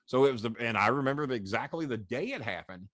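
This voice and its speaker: A man in his sixties tells wrestling stories as an interview guest, swearing freely and chuckling as he goes. His voice sits in an ordinary middle pitch. It's a dry, close recording with no room around it. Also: fast, no room sound. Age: 60s. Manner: profane, animated anecdotes with laughs. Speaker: guest, former wrestling manager. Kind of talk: storytelling interview.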